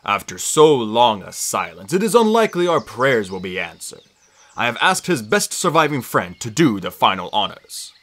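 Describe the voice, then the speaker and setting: A narrator voicing an old male centaur teacher in an audiobook, slow, solemn and measured. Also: medium pitch, sing-song, fairly bright tone. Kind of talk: audiobook character voice.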